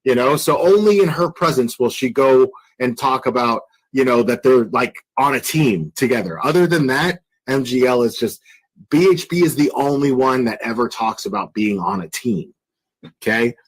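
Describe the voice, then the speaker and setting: A man's voice: medium pitch, animated, normal speed, husky, low-quality recording. A man hosting a casual livestream commentary, talking bluntly and crudely with lots of fillers and restarts. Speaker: commentary channel host.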